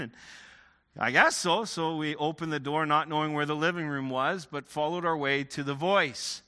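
A man's voice: on the high side, fairly even intonation, fairly quick, sharp tone, in a large hall. A man from Ontario, a pastor preaching a sermon, telling a personal story in a conversational way with frequent restarts. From Ontario, Canada.

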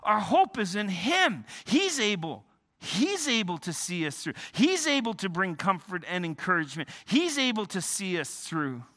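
A man preaching a sermon, emphatic, often repeating and restarting words, swinging between loud emphasis and quiet lows. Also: very animated, moderate pace. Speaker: pastor.

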